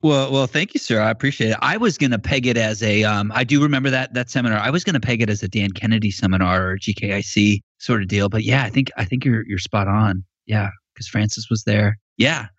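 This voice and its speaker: A man's voice: on the low side, fairly quick, few pauses, fairly bright tone, no room sound. A man speaking as a guest on a podcast, friendly and easygoing, with lots of "like" and "you know". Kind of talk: casual interview chat. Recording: dry, slightly muffled sound.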